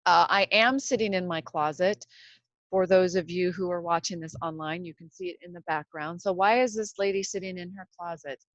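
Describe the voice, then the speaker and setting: A woman's voice: lowish voice, brisk, no room sound. Chatty woman in a dull lo-fi closet recording. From Seattle, USA. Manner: chatty, rambling, self-deprecating. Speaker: podcast host. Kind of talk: casual podcast monologue. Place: home clothes closet.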